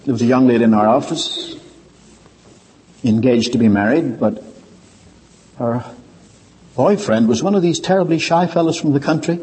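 An older man preaching a sermon, telling stories and swinging between quiet low asides and raised, emphatic points. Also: normal speed, pauses often, slight background noise. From Ireland. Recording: reverberant hall.

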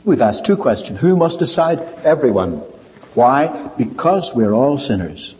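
An older man preaching a sermon, telling stories and swinging between quiet low asides and raised, emphatic points. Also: sing-song, measured pace. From Ireland. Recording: reverberant hall.

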